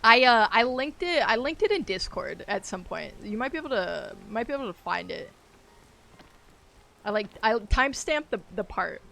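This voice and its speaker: A woman's voice: a little high, very animated, moderate pace, creaky, a bit bright. A woman streaming a game, chatting casually and rambling, laughing easily as she plays. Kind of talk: casual gaming livestream chat.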